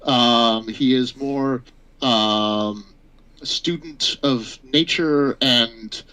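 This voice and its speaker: A man narrating as game master of a tabletop game, halting and full of fillers. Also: medium pitch, sharp tone, poor audio.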